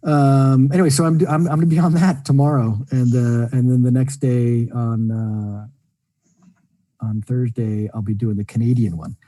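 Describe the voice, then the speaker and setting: A man's voice: mid-range voice, steady tone, moderate pace, mellow, no room sound. A man hosting a tech webinar over a video call, chatting casually and rambling with jokes and fillers. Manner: rambling, jokey, lots of fillers. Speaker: webinar host. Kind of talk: casual chat.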